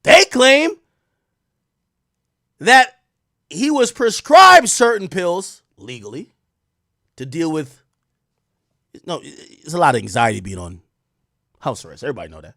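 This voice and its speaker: A young man hosting a show, telling a story to viewers in a casual, profane and slangy way, with loud exclaims and quiet asides. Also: high voice, very animated, measured pace, gravelly, pauses often, no echo, clean studio sound. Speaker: show host.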